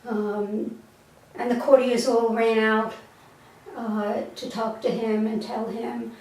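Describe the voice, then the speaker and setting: A woman telling a parable slowly and gently and then reflecting on its spiritual meaning, with a few small stumbles, recorded from a distance in an echoey room. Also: fairly high pitch, flat delivery. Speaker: storyteller and teacher. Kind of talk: slow storytelling and spiritual teaching. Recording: echoey room, mic far off.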